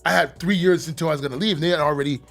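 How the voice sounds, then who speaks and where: Gravelly animated man telling a story. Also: a little high, racing, soft background music. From Atlanta, USA. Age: 50s. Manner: animated, laughing, swears freely. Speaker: podcast guest. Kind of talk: casual storytelling.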